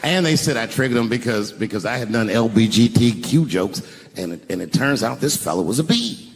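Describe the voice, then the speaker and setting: Guy doing stand-up in a big echoey theater, lively pitch jumping all over, crowd noise behind. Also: a little fast. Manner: animated storytelling, loud punchlines, quoted voices. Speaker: stand-up comedian. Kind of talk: stand-up comedy set. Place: large theater with audience. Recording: live venue with long reverb and audience noise.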